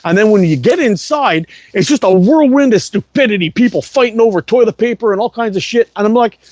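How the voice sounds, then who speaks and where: Dude rambling and cussing through a story, kinda high voice, dry sound. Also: male voice, lively intonation, fairly quick, darkish tone, no echo. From Canada. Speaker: livestream host. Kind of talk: casual chat.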